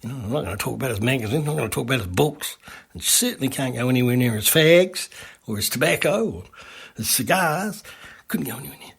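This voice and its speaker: Rambling Australian man, gravelly voice. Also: medium pitch, expressive, quick pace, fairly bright tone. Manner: rambling, with many restarts and asides. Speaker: radio advertising creator. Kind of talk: casual anecdote.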